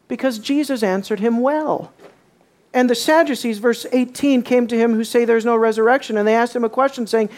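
A woman teaching a bible study, asking her listeners questions and acting out the quoted lines. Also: fairly high pitch. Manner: animated, asks the audience questions, acts out quotes.

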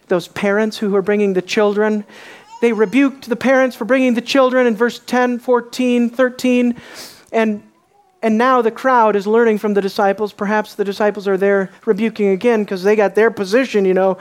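A preacher giving an expository sermon who asks the congregation rhetorical questions and moves between hushed, solemn lines and impassioned, raised ones. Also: medium pitch, fairly even intonation. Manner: slows and stretches key words for emphasis.

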